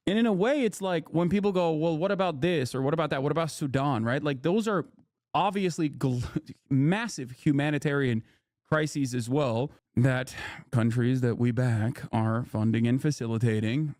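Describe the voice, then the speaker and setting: A man's voice: on the high side, no echo, clean studio sound. A man streaming live, giving blunt, sarcastic political commentary with casual swearing and frequent replies to his chat.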